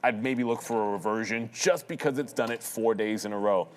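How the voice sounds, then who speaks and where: Casual man calling live trades, echoey room. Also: on the low side. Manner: quick, casual, thinks aloud with restarts. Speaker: day trader co-host. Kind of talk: live market commentary. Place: trading floor studio.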